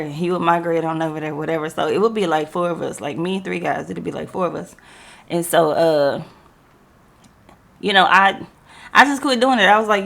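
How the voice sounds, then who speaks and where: A woman's voice: on the low side, creaky, a bit bright. A young woman hosting a podcast, telling a story in casual slangy talk and acting out the quoted dialogue. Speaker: podcast host.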